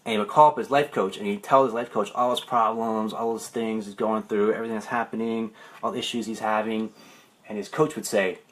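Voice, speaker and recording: A man, a life coach, talking on a Facebook livestream, rambling through stories and then slowing into meditative phrasing. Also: lowish voice, steady tone, a bit bright. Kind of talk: Facebook live talk. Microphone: livestream camera.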